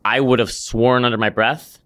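A man's voice: medium pitch, steady tone, normal speed, sharp tone. A man with a Midwestern American accent, co-hosting a podcast and telling a story in casual, amused chat. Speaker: podcast co-host.

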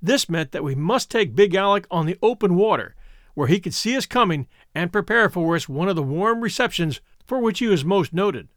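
A man narrating a classic adventure story in an expressive, animated way. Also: sits high, normal speed, dry recording, clean studio sound. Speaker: audiobook narrator.

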